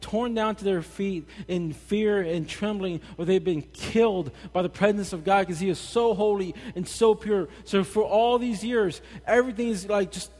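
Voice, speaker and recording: A young man preaching a casual, animated sermon with jokey asides, recorded in a church hall. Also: sits high, normal speed, hardly any pauses. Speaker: pastor. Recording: long hall reverb.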